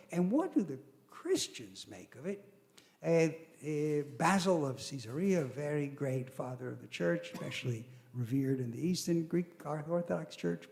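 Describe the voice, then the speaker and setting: A man's voice: on the high side, gravelly, darkish tone. An older man giving an academic lecture, telling stories animatedly with quoted voices and asides.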